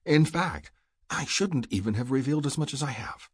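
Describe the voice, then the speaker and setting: A man reading a brisk government recruiter who coaxes and presses a reluctant agent, in a husky voice. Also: mid-range voice, lively intonation, dry recording, studio quality, pitched above the performer's own voice. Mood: coaxing. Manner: brisk, smoothly persuasive.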